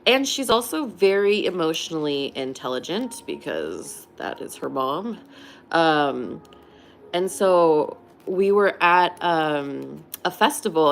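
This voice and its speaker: A woman's voice: on the low side, slight background noise. A young woman hosting a casual livestream, chatting and laughing as she answers viewers. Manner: chatty, laughs often, reads and answers chat. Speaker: livestream host.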